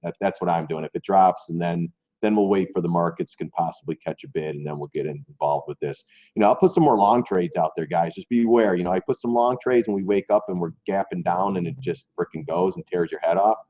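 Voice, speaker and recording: A man's voice: low-pitched, brisk, few pauses, mellow. A man hosting a stock trading live stream in a loose, rambling way, talking straight to his viewers and often repeating words. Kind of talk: casual live stream commentary. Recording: dull lo-fi stream audio.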